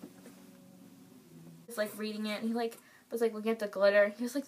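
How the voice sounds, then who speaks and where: Excitable young woman telling a story. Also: on the high side, moderate pace, a little hiss or hum. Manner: excitable, gushing, many fillers. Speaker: vlogger. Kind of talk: casual storytelling to camera.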